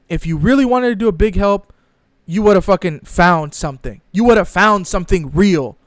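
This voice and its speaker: Exasperated young man ranting, high-voiced. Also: lively intonation, a little fast, dry recording. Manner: profane, exasperated, mocking impressions. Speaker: sports commentary creator. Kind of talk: casual ranting commentary.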